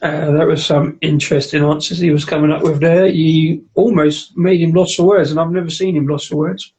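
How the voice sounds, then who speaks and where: High-voiced man greeting stream viewers. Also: little pitch movement, a little fast, darkish tone, a little hiss or hum, low-quality recording. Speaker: beer review co-host. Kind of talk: casual live-stream chat.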